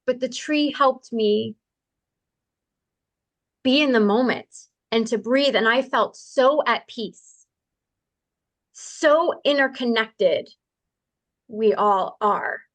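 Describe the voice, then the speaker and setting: A woman's voice: fairly high pitch, a bit bright, dry recording. A woman telling personal stories as a podcast guest in an earnest, conversational way, speeding up in bursts. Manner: earnest, quick bursts of speech with laughs. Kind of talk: conversational storytelling.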